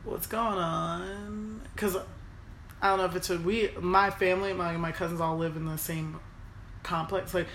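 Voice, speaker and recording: A young woman chatting casually about her past, emotional and animated. She acts out quoted lines with sudden leaps in pitch and volume. The recording sits in an echoey room with a faint hiss underneath. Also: moderate pace. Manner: emotional, animated, quotes people in raised voices. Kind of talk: casual personal storytelling.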